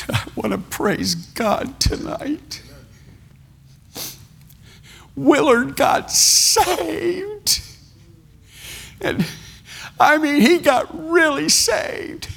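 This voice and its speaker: A man voicing an excited, tearful woman from his church, crying out in joy. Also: extremely slow, gravelly, exaggerated voice. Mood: joyful. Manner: high crying cry of joy.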